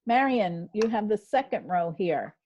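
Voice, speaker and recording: A woman teacher runs an online spelling lesson from home over a video call, patiently encouraging students while narrating what she does on screen. Her medium-pitched voice is expressive, a little slow and darkish in tone, and the video-call audio sounds dull with a slight hiss or hum.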